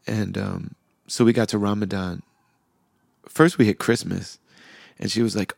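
A middle-aged podcast host with a very low, deeply gravelly voice shares a reflective personal story, speaking softly and with feeling in a steady tone. He talks a little slowly, pauses often, uses frequent fillers, and slips into the voices of people he remembers. The sound is dry and close, with no room sound.

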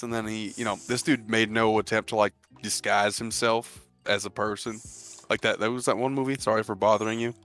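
A man's voice: fairly low pitch, little pitch movement, brisk, fairly bright tone, faint music behind. A man in crude casual podcast chat, telling a story with lots of swearing and laughs, acting out the people he quotes. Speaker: podcast co-host.

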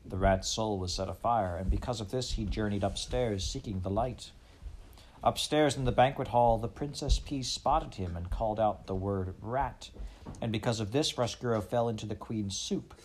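A man's voice: fairly low pitch, a little mellow, slight background noise. Man reading a children's novel aloud. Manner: addresses the listener directly, measured storyteller. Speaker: audiobook narrator.

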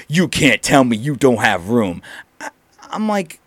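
A young man chats about his work in fast food, acting out angry customers with a voice that rises and falls a lot. The sound is dry and close. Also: medium pitch, no echo. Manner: animated storyteller acting out customers. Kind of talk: casual chat.

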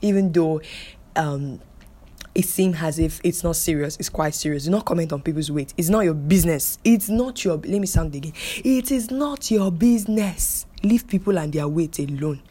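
A woman's voice: deep voice, brisk, mellow, slightly rough. A young woman hosting her own podcast, talking emphatically and repeating phrases to drive her point home. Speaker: podcast host. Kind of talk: solo podcast monologue.

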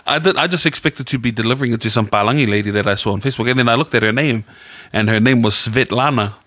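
A man's voice: medium pitch, quick pace, fairly bright tone, dry recording. A man, co-hosting a casual chat podcast and telling rambling stories in laid-back slang. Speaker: podcast co-host.

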